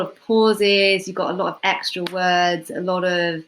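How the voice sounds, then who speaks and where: A woman with a fairly low voice explains dialogue writing to school drama students. Her delivery is relaxed and conversational, and she often fills pauses with ums and soft hedges as she goes. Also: rough recording. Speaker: playwriting tutor. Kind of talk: casual instructional talk to students.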